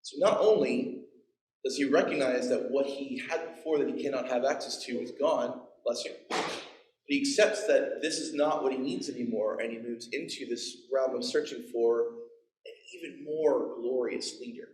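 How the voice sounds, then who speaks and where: A man's voice: medium pitch, moderate pace, a little mellow, reverberant, poor audio. A man in his forties preaching a sermon, telling the story with playful asides and acted-out quotes. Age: 40s. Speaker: pastor. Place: church.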